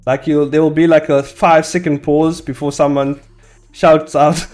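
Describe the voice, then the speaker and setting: A man's voice: on the high side, level tone, a little slow, a little mellow, faint music behind. A young man chatting casually with viewers while drawing his comic. He rambles, laughs a lot and swears freely. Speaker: comic artist streaming. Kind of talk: casual live-stream chat.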